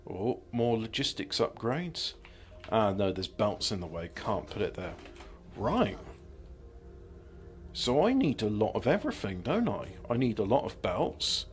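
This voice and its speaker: A man's voice: lowish voice, sing-song, measured pace. A man streaming a game, rambling through sardonic jokes and muttering to himself as he plans his moves. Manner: self-muttering while planning moves. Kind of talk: casual gameplay commentary.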